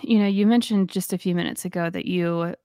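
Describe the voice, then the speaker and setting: A woman's voice: fairly low pitch, fairly even intonation, brisk, warm tone, clean tone, no echo. Chatty Southern woman, dry close sound. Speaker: podcast co-host. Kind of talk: casual faith podcast chat.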